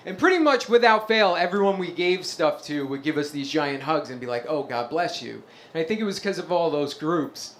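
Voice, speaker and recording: A man from Staten Island doing a stand-up comedy set in a club, wry with deadpan asides. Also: a little high, fairly quick, few pauses, a little hiss or hum. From Staten Island, New York.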